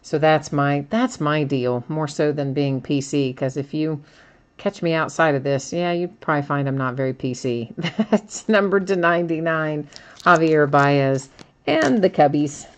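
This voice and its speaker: A woman's voice: low-pitched, a little slow. A woman hosting a live card-break stream, chatting casually, laughing often and reading viewer comments aloud.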